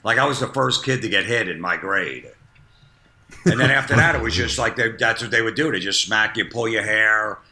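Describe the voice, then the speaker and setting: A man's voice: on the low side, normal speed, pushed and bright. A man in his fifties, a comedian guest, telling blunt stories in casual podcast chat and laughing at himself.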